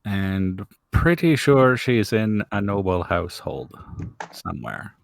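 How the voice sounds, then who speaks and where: Low-voiced man playing a tabletop game. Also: sing-song, takes it slowly, vocal fry, no echo, clean studio sound. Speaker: player.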